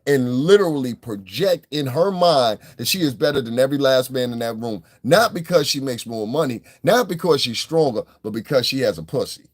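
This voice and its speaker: A middle-aged man giving casual, profane reaction commentary in a mocking, animated way. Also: medium pitch, fairly quick, few pauses. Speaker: commentary vlogger.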